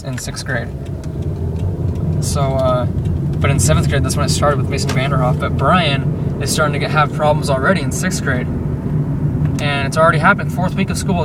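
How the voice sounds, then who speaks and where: A young man rambling in a casual vlog while driving through traffic, with lots of fillers and restarts. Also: a little high. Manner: rambling, restless, fillers and self-interruptions. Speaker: vlogger. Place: car in traffic. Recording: distant car-cabin audio with road noise. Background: car and road noise.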